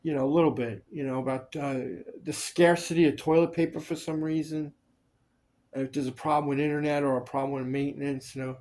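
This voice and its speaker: A man's voice: mid-range voice, flat delivery, normal speed, darkish tone. A man in casual chat, telling stories of film work, acting out the people he quotes and swearing freely. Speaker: storyteller recalling film work.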